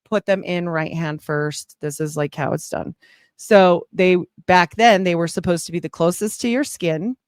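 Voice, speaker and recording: A woman's voice: on the low side, moderate pace, smooth, no room sound, clean studio sound. A middle-aged woman giving a candid personal testimony in a chatty storytelling way, full of fillers. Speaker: guest sharing testimony.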